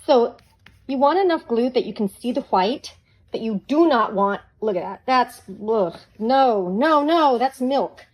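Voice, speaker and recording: Bubbly craft teacher, woman with a slightly high voice, playful and chatty. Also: animated, a little slow, rough recording. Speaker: craft tutorial host. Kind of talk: hands-on craft demonstration.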